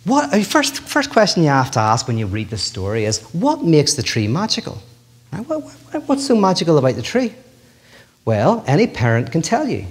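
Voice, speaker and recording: A middle-aged man giving a public lecture in a lively, joking way, often restarting his sentences. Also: fairly high pitch, moderate pace. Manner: animated, joking, many restarts.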